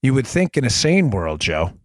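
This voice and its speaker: A man's voice: medium pitch, very animated, normal speed, dry recording. A man hosting a podcast, delivering emphatic, impassioned political commentary. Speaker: podcast host.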